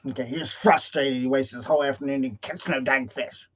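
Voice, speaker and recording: A man's voice: medium pitch, fairly even intonation, fairly quick. A male host tells a folksy motivational story in a live stream, often checking in with "okay?", recorded in dull lo-fi livestream audio.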